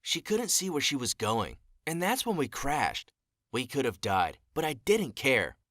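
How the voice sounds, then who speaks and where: An earnest young man with a lively delivery. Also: mid-range voice, unhurried, dry recording, studio quality. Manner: earnest, dramatic storytelling. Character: young man recounting a traumatic childhood, earnest. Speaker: animated story narrator. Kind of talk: scripted storytelling narration.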